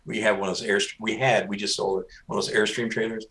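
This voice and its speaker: A man's voice: lowish voice, level tone, quick pace, a bit bright, a little hiss or hum. Chatty man asking a musician questions. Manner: chatty, hesitant restarts. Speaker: host, band author. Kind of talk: casual interview chat.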